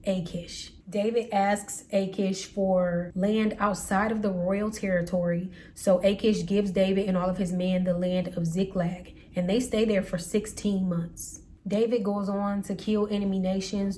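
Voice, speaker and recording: A woman's voice: medium pitch, mellow. Lady breaking down a bible reading, casual and slangy, plays the characters' lines a bit, faint hiss in back. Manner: conversational, slangy paraphrase with playful quoted voices. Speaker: Bible study host. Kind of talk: casual retelling of scripture.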